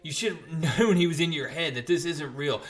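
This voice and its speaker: A man's voice: on the high side, normal speed, lightly acted. A man voicing an anguished, panicked middle-aged man in a comic retelling.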